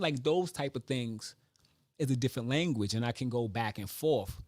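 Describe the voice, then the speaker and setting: A man's voice: mid-range voice, normal speed, no room sound. Man musing, dry close sound. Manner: animated storyteller, acts out voices of others. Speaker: vlogger. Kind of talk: casual reflective monologue.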